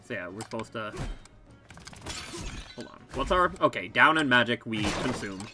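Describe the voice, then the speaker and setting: A man hosting a let's play, giving relaxed, chatty gameplay commentary and laughing easily. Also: medium pitch, moderate pace, long pauses. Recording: game music behind.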